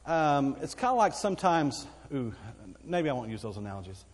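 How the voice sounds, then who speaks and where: A man's voice: fairly high pitch, big pitch swings, moderate pace, big-room sound. A man with a Texan accent preaching a sermon as pastor, folksy and conversational, with asides to the congregation. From Texas.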